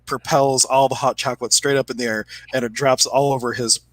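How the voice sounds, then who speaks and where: A man's voice: medium pitch, fairly even intonation, fairly quick, fairly bright tone, no room sound. A middle-aged man co-hosting a casual chat, telling stories and laughing often as he acts out what people said. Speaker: podcast co-host.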